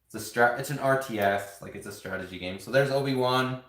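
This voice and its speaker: A man's voice: mid-range voice, a little fast, a bit bright. A man chatting casually on a live stream, rambling to his viewers as he builds and shows off toy sets. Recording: roomy home room echo.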